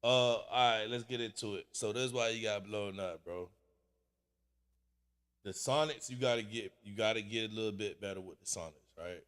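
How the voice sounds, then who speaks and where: A man's voice: lowish voice, normal speed, fairly bright tone, clear, resonant tone, in a large hall. A man hosting a casual song review, blunt and full of slang, calling everyone bro. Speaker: host reviewing submitted songs.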